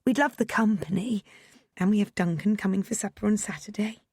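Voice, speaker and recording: A woman reading the part of a brisk, practical older mother in an audiobook, speaking in a matter-of-fact, unsentimental way. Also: medium pitch, a little mellow, slightly rough, no echo, clean studio sound.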